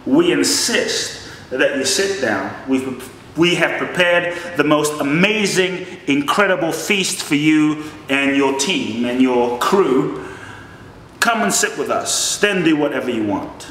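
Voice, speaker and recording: A man doing a calm wise village elder. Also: a little high, heavy reverb, in a large hall, slight background noise, low-quality recording. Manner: calm, unhurried.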